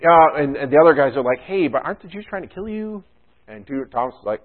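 This pastor's voice is a little high and expressive, and he talks fast, keeping the sermon informal with joking, chatty asides. It sounds tinny, as though recorded on a phone.

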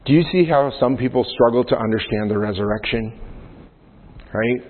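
In a long-reverb hall, recorded with a phone-like quality, a pastor of medium pitch preaches at normal speed. He explains Scripture in a conversational style, often pausing to ask "right?"

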